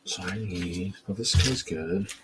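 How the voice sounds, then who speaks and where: A man's voice: deep voice, takes it slowly, very noisy. A man co-hosting a casual live stream, muttering to himself as he rummages through his pieces. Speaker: co-host. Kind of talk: casual chat while sorting minifigures.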